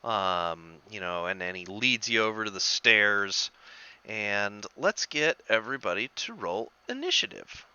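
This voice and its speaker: Slow bright-voiced man running a game. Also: fairly low pitch, lively intonation, clear, resonant tone, lo-fi sound. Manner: halting, repeats words while describing scenes. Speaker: game master. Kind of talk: narrating a tabletop game.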